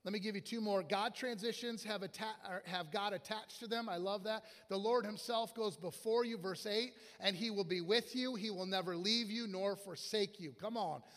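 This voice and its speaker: A man with a notably high speaking voice delivers a sermon, bringing his anecdotes to life by playing out the people in them. His voice echoes through a large church sanctuary with a long, lingering reverb. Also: normal speed, few pauses, a bit bright. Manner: storytelling with acted-out quotes and asides. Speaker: guest pastor.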